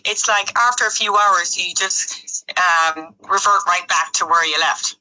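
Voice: medium pitch, a little slow, sharp tone, low-quality recording. A person from Ireland living abroad, chatting reflectively and hesitantly as a caller on a radio show. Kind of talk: casual radio chat.

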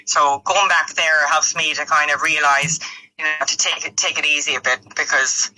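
Very bright voice, irish-born caller, kind of hesitant, thinking out loud on radio. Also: mid-range voice, fairly even intonation, moderate pace, rough recording. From Ireland. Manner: reflective, hesitant. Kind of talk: casual radio chat.

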